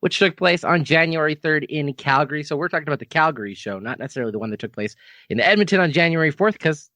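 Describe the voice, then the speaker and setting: A man's voice: a little high, fast talker, pushed and bright, no room sound. A man from Canada hosting a podcast, chatting casually about wrestling, laughing often and rambling into asides. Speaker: podcast host. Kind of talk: casual wrestling review chat.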